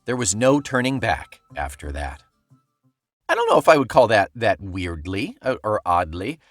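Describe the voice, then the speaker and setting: A male podcast co-host chats casually and reads listener emails, laughing often. His voice moves lively up and down, recorded dry and close, with faint music behind. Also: lowish voice, moderate pace, no echo. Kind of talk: casual chat.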